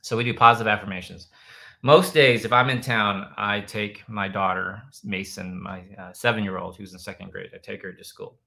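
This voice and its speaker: A man with a low, gravelly voice hosts a laid-back livestream and reads out viewer comments. His tone is bright and forceful, and he rambles loosely, now and then breaking into loud chants to make a point. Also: steady tone, normal speed, poor audio. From United States. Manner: bursts into loud chanting when demonstrating. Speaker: host answering viewer comments. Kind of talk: casual livestream chat.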